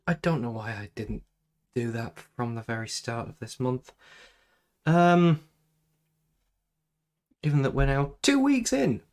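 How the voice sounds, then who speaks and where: Gravelly man rambling through a live stream. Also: medium pitch, animated, slow pace, pauses often. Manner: rambling, self-deprecating asides. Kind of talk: casual live-stream chat while drawing. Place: small home room. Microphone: desk microphone plugged into computer.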